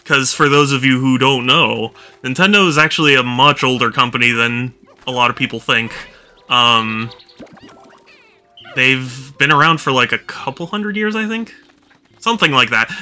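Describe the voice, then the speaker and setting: A man's voice: mid-range voice, pushed and bright. A man doing casual live-stream commentary while playing a video game, tired and yawning, rambling with lots of fillers and restarts.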